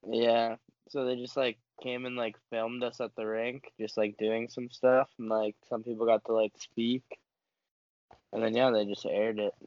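Young man, relaxed guest, dull dry lo-fi recording. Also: mid-range voice, measured pace, no echo. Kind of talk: casual chat with friends.

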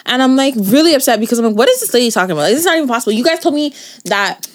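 A woman's voice: on the high side, animated, rapid-fire. A young woman co-hosting a podcast, telling a story in casual chat, acting out quotes and laughing often. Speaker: podcast co-host.

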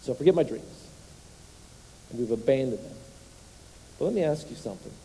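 A man's voice: mid-range voice, animated, moderate pace, gravelly, warm tone, slightly rough. A man preaching a sermon as a pastor, leading his congregation in call-and-response and firing rhetorical questions at them. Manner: asks rhetorical questions to the crowd. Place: church sanctuary. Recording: long hall reverb.

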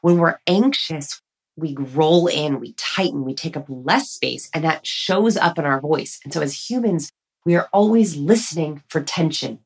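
A woman's voice: low voice, unhurried, husky. A woman author, a podcast guest, talking casually and energetically, explaining her ideas in a playful way. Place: standing while recording.

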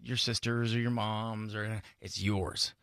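A man co-hosting a morning radio call-in show, animated and playing out scenarios for callers. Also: lowish voice, takes it slowly, dry recording, clean studio sound. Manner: animated, plays out scenarios in quoted voices.

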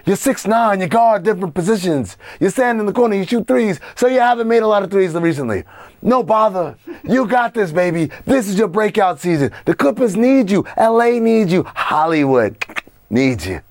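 A man putting on the voice of a smooth-talking Hollywood hustler who speaks low and coaxing. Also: expressive, moderate pace, a little mellow. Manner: low, coaxing, calls listener baby.

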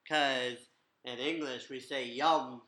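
A man hosting a casual chat, asking curious guiding questions at an unhurried pace. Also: medium pitch, fairly even intonation, sharp tone, echoey room, rough recording. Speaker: host. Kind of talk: casual language-learning podcast chat.

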